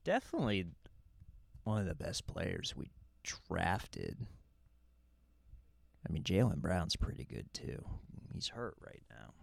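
A man hosting a casual podcast who talks slowly and rambles, stumbling over his words as he starts sentences over. His pitch swings widely, so his delivery sounds animated even at a relaxed pace. The recording is dry and close, with no room sound. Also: vocal fry, no room sound. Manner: rambling, with many restarts and stammered repeats. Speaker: podcast host. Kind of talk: casual chat.

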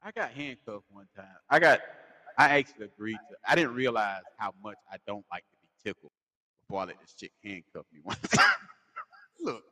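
A man's voice: lowish voice, brisk, pushed and bright, in a large hall. A man with a Southern US accent, co-hosting a podcast, telling crude stories with lots of laughter and slang. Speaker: podcast co-host. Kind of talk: casual storytelling chat.

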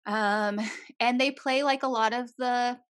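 A young woman in casual chat, retelling a true-crime story with animated voices for the people in it and frequent swearing. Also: fairly high pitch, a little slow, smooth.

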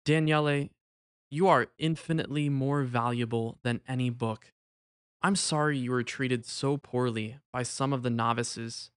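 Man doing kindly devout friar, calm, earnest, storybook reading, dry close sound. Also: medium pitch, no room sound, lightly acted. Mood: tender. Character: gentle older male friar, forgiving and devout.

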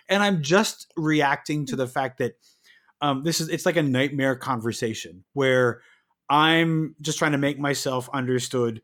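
A man co-hosting a podcast, telling stories in a casual, animated and exasperated way. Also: medium pitch, moderate pace. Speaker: podcast co-host. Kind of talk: casual chat.

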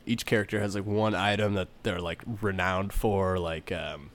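A man in casual chat, hesitant and full of fillers and restarts as he pitches ideas. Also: fairly even intonation, moderate pace, a bit bright.

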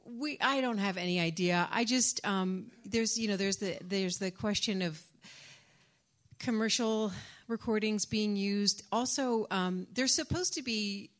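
An Irish woman answers questions from an audience in a conference room. She talks in a chatty, rambling way, laughing and restarting her sentences. Her voice sits in a middle pitch. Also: a little slow. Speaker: audiobook narrator.

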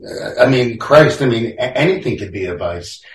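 A man's voice: medium pitch, animated, moderate pace, far from the mic. Rambling man in a roomy echo. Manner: rambling, many fillers. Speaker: podcast co-host. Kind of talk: casual chat.

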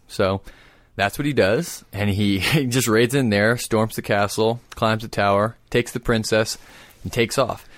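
A man's voice: lowish voice, fairly even intonation, normal speed, dry recording, studio quality. A man co-hosting a casual talk show, telling a story with enthusiasm and frequent laughs. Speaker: podcast co-host.

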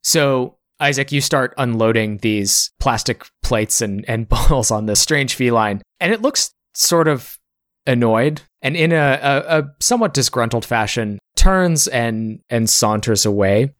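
A man running a tabletop game as game master, narrating scenes in a measured way with small pauses and restarts. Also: medium pitch, animated, fairly bright tone, dry recording, clean studio sound.

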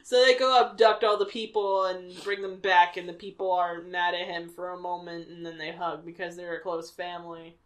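A woman podcast host casually recapping a cartoon episode, deadpan and quick to laugh. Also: lowish voice. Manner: laid-back, deadpan, laughs often.

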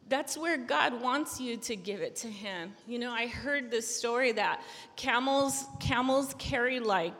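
A woman's voice: on the high side, measured pace, fairly bright tone, long reverb tail. A young woman giving a casual devotional talk, earnest and chatty, with frequent restarts and filler words. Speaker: Christian speaker.

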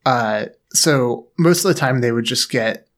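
A man chatting on a podcast, winding through his stories with plenty of pauses and fillers. His pitch sits in the middle range. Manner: rambling, filler-heavy storytelling. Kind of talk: casual chat.

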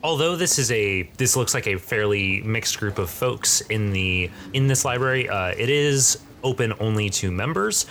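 A man's voice: on the low side, lively intonation, normal speed, few pauses, fairly bright tone, a little hiss or hum. A man narrating a tabletop game as game master, in a rambling way with many fillers.

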